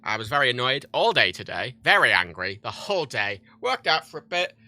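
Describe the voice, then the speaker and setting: A man streaming a game and chatting off the cuff, his voice bright and sharp with a lively, swooping pitch. He rambles from one thing to the next, swearing constantly. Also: brisk, no echo. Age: 30s. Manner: profane, rambling, animated. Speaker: livestreamer. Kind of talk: casual livestream chat while gaming.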